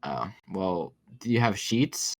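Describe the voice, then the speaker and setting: Excitable American podcast host, low voice. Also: male voice, takes it slowly, no echo. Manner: excitable, laughs easily, teasing questions. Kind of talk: casual chat.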